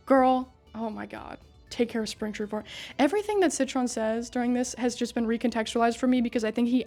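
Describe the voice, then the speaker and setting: A woman giving a casual, excitable recap of a story, swearing, laughing and talking back to the characters. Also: on the high side.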